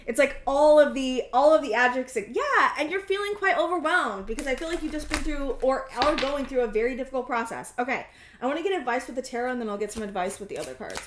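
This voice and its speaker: A woman's voice: sits high, a bit bright, reverberant, a little hiss or hum. A woman in her thirties giving a casual tarot reading to camera, rambling and intuitive, with many restarts and fillers. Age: 30s. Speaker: tarot reader.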